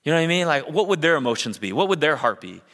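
A middle-aged man from Ohio, a pastor preaching a sermon, telling personal stories in a conversational way that builds to energetic emphasis. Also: on the high side, racing, big-room sound.

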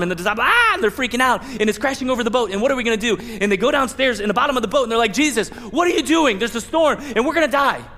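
A male pastor delivers a sermon in a lively, conversational way, slipping into playful mock prayers and firing off rhetorical questions. His voice sits high for a man. The sound carries the long reverb of a church sanctuary.

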